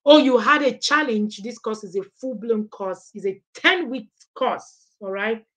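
A woman's voice: fairly high pitch, lively intonation, a little slow, fairly bright tone. A middle-aged woman, giving a live online parenting class and answering questions. She talks emphatically, repeats her points and keeps checking in with "okay?". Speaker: parenting coach.

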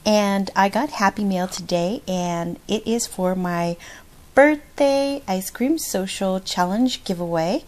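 A woman's voice: mid-range voice, slow pace, a little mellow. A middle-aged woman chatting casually in a craft vlog, bubbly and gushing, laughing often. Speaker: craft vlogger. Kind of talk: casual chat.

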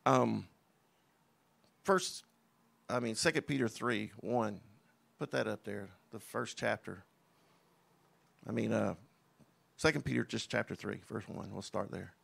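A man's voice: lowish voice, a little slow, creaky, long pauses, fairly bright tone. A man preaching a sermon, in an emphatic, conversational way with scoffing asides. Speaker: pastor.

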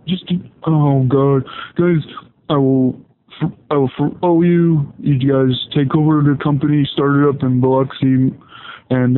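A man of middle pitch rambles through an improvised comedy phone call, halting and restarting often. The recording is tinny and thin, like a phone line.

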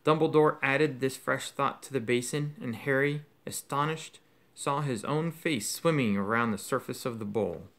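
A man's voice: medium pitch, moderate pace, a bit bright. A man reading a novel aloud as an audiobook, telling the story expressively. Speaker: audiobook reader.

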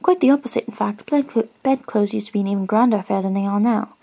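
A woman gently reading a storybook aloud in a soft-spoken ASMR style, dropping into whispers at times. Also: medium pitch, fast talker, low-quality recording. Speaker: ASMR reader.

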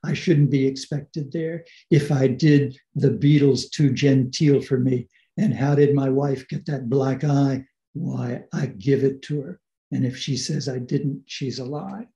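A man's voice: medium pitch, little pitch movement, moderate pace, creaky, hardly any pauses, mellow, natural voice. A man reading aloud as an angry, drunken working-class brickmaker, defiant and vehement in coarse speech. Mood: resentful. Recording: dull, echoey video-call audio.

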